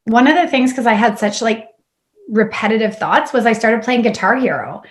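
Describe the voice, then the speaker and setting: A woman's voice: a little high, lively intonation, normal speed. A woman guest talking openly and casually on a podcast, her sentences full of fillers. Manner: candid, chatty, full of fillers. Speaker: guest chiropractor.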